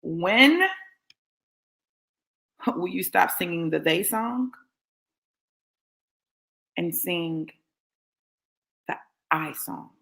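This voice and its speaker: A woman's voice: on the low side, lively intonation, drawn-out words, creaky, long pauses, a bit bright. A woman delivers a fiery sermon. She is blunt and confrontational, driving each point home through emphatic repetition. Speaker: motivational preacher.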